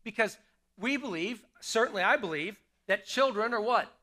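A man's voice: high voice, lively intonation, normal speed, pushed and bright. A middle-aged man preaching to his congregation as pastor, talking with them in a conversational way, asking questions and repeating key lines for emphasis. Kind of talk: sermon. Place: church sanctuary.

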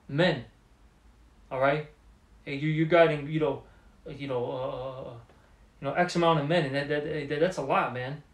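A man giving an informal religious lesson, halting often and repeating words, with many fillers, and calling the listener "man". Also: a little high, reverberant. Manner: streetwise, addresses listener as man. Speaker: religious teacher.

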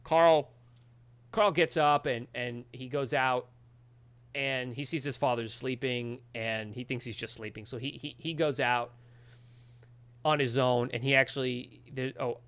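Male podcast co-host, mid-pitched, animated casual recap voice, acts out the quotes. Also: unhurried, clear, resonant tone. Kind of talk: casual chat.

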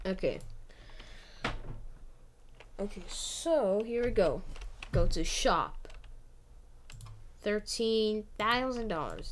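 A woman chats her way through a video game, excitable and bouncing from thought to thought. Her voice swings widely in pitch and she speaks at an easy, unhurried pace. Faint keyboard clicks sit behind her. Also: slight background noise. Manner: chatty, excitable, quick gasps and exclamations. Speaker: gamer. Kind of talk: casual gameplay commentary.

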